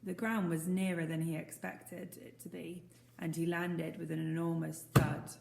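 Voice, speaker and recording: Woman teacher, storybook read-aloud, gentle, asks questions, roomy sound. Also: on the low side, little pitch movement, moderate pace, vocal fry, slight background noise. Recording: roomy echo.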